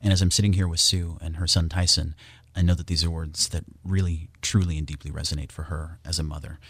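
A man's voice: low-pitched, little pitch movement, fast talker, husky. A man speaking as a radio guest, enthusiastic and promotional, reading scripture aloud. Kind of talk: radio interview talk.

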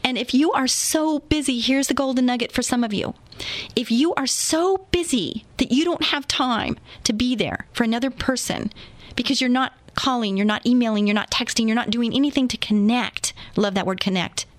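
A woman's voice: on the high side, moderate pace, no echo. A woman hosting a faith-based radio show in a studio, telling stories in a chatty, enthusiastic way with lots of fillers. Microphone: studio microphone.

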